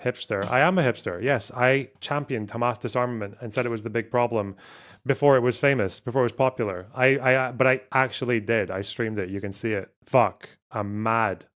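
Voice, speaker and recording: A male streamer talks loosely over clips he is watching, with a middle-pitched voice, quick curses and frequent laughter. His delivery is offhand and self-mocking, and he stumbles as he reads translations aloud on the fly. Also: fairly bright tone. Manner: casual, profane, laughs often, self-mocking. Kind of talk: live-stream commentary.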